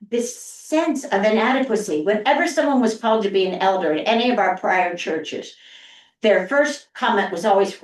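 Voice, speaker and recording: A woman pastor teaching an adult Bible class, chatty and lively, reading scripture aloud with emphasis. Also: medium pitch, moderate pace. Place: church classroom. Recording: roomy, from far off the mic.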